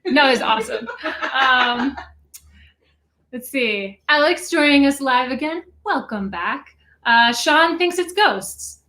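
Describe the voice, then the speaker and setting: Woman singer-songwriter host, high voice, unhurried rambling banter, soft guitar under her. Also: lively intonation, rough recording. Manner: chatty, laughs easily, rambling asides. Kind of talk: casual livestream chat between songs. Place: rented house with friends in the room.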